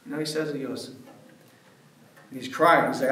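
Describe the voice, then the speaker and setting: A prison ministry worker with a mid-range, slightly bright voice speaks unhurriedly to a men's group in a church hall. His storytelling wanders casually and is stuffed with fillers and many "like"s, and the distant mic picks up heavy echo.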